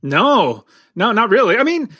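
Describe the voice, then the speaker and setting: A man co-hosting a podcast from a basement, talking casually in a rambling, halting way and laughing often. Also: high voice, very animated, sharp tone, husky, no room sound, studio quality. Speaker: podcast co-host. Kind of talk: casual chat. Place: home basement.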